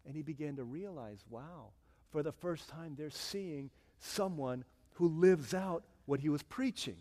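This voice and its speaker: A male pastor preaching a sermon, telling a story in a humorous, animated way. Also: on the high side, unhurried.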